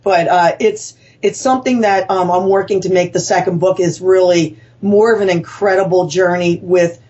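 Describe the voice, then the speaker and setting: A woman's voice: on the low side, fairly even intonation, normal speed, a little mellow. A woman author telling her story as a guest in an interview, rambling and earnest, with self-corrections and fillers. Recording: dull lo-fi sound.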